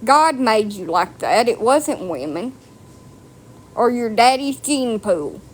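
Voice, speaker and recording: A woman's voice: on the high side, very animated, takes it slowly. A woman delivering a blunt, profane, mocking rant to camera. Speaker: vlogger. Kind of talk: ranting monologue.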